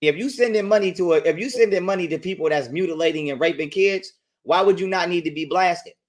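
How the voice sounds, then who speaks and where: A man's voice: high-pitched, fast. A man ranting crudely and emphatically as a guest on a livestream. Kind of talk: profane livestream rant.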